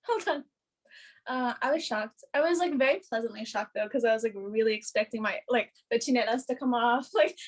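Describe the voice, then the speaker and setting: A young adult woman who works as a hair and makeup artist tells a story in casual podcast chat. Her voice is high and fairly quick, and she's bubbly and giggly with lots of fillers.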